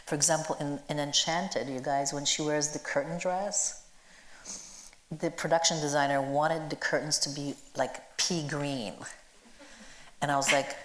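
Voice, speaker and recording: A woman's voice: low-pitched, moderate pace. A woman being interviewed about her work as a costume designer before a live audience, talking in an enthusiastic, chatty way with lots of fillers. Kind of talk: onstage conversation before an audience. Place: event hall with a live audience. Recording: roomy hall echo.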